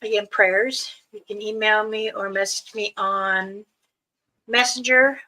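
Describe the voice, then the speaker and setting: A woman hosts a casual livestream at an unhurried pace, giving loose, repeated warnings to her listeners. Her voice is bright and clear. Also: mid-range voice, flat delivery, rough recording. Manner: slow, warning, loosely strung advice. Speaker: livestream host.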